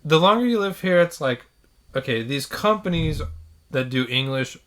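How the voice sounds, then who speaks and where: A man's voice: a little high, lively intonation, moderate pace, a bit bright. A man co-hosting a podcast, chatting casually and acting out quotes as he tells stories. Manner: storytelling, acts out quotes. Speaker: podcast co-host. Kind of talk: casual chat. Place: living in Japan.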